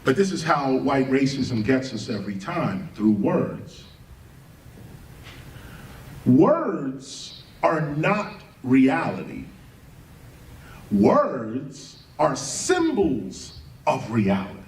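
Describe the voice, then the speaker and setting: A man's voice: medium pitch, sing-song, drawn-out words, long pauses. A man giving a spoken lecture, emphatic, firing off rhetorical questions and spelling words out letter by letter. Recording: roomy, distant mic, faint background ambience.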